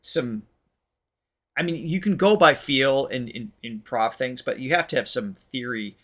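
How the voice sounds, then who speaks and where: A man with a mid-range, fairly bright voice co-hosts a music reaction show as the vocal coach, speaking at a moderate pace. He chats animatedly about the music and laughs often in this casual reaction conversation.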